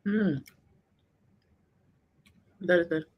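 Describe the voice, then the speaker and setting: A woman's voice: lowish voice, drawn-out words, breathy edge, lo-fi sound. A woman chatting casually in a vlog while eating, rambling and laughing often. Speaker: vlogger.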